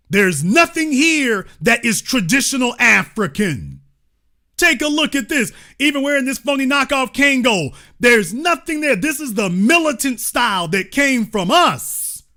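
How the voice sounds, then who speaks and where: A man's voice: very high-pitched, sharp tone. A man hosting a heated commentary monologue, repeating his points emphatically and confrontationally in slangy, colloquial speech. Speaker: commentary show host.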